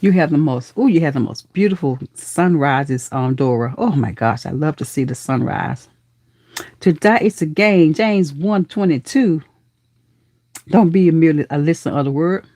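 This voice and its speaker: Chatty low-voiced woman hosting a live stream. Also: moderate pace, no echo. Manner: chatty and affectionate, calls viewers honey, baby and girl; lively, with pitch leaping up in excited greetings. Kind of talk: casual live-stream chat with viewers.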